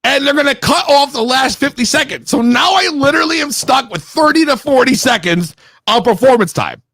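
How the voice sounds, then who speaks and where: Heated, profane young man with a high voice. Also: a little fast, husky, dry recording. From Connecticut. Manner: profane, heated, animated storytelling; slangy and rambling with restarts. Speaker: podcast regular telling a story. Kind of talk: casual storytelling.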